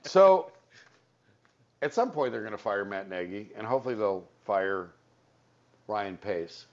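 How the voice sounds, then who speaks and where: A man hosting a sports radio show, rambling and joking, quick to laugh. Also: lowish voice, animated. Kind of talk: casual sports radio talk. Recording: slightly dull radio broadcast audio.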